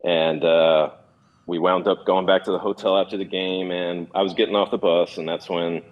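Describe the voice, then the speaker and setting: A man in his thirties from California, a former pitcher telling stories in an easygoing interview, with many fillers and restarts. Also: little pitch movement, moderate pace, lo-fi sound. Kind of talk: relaxed storytelling interview.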